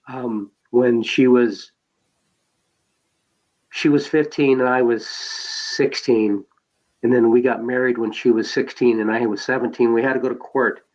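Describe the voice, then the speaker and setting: A man's voice: mid-range voice, darkish tone. Rambling man telling his life story. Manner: rambling storyteller, many fillers and restarts. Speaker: podcast guest. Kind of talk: personal life story told in conversation. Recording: dull lo-fi sound.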